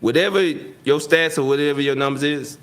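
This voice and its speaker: A man telling football stories in a casual interview, acting out quotes loudly and laughing often. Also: a little high, fairly quick. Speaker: retired football receiver, guest.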